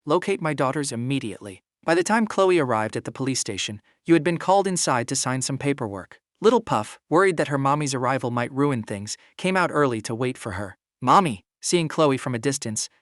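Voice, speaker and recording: A man narrating a drama recap in second person, steady and smooth. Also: medium pitch, brisk, few pauses, no echo, clean studio sound.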